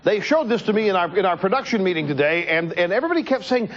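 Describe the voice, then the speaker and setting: High, animated male talk show host. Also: quick pace. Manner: animated, joking, talks to the crew and the audience. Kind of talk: political talk show monologue. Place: TV studio. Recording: dull lo-fi TV broadcast.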